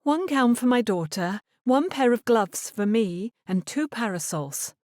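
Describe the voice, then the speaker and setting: A woman's voice: on the high side, lively intonation, unhurried, a little mellow, no echo, studio quality, pitched above the performer's own voice. A woman narrator voicing a stern, controlling middle-aged mother in an audiobook, speaking in an imperious, clipped manner. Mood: anxious, insistent.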